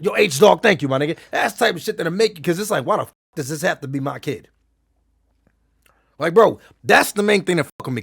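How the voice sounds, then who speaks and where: A man's voice: a little high, creaky, a bit bright, breathy edge. A man streaming, telling blunt, profane stories and answering his chat in heated casual talk. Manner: reads and answers chat messages. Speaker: gaming streamer.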